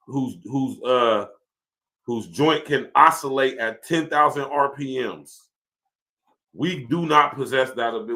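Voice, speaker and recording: Speaking at a medium pitch with a sharp edge, this man hosts a podcast, delivering a profane, laid-back livestream rant while laughing a lot and reading out comments from viewers.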